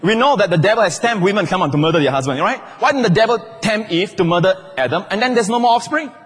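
Pastor preaching in a reverberant hall. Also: male voice, high-pitched, animated, fast, fairly bright tone. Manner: playful, teasing asides to the congregation. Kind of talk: sermon. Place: large church hall.

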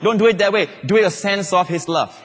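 Male pastor preaching in a reverberant hall. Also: high voice. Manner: preaching with sudden drops to soft, slow, hushed confessions. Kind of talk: sermon. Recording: long reverb of a large hall.

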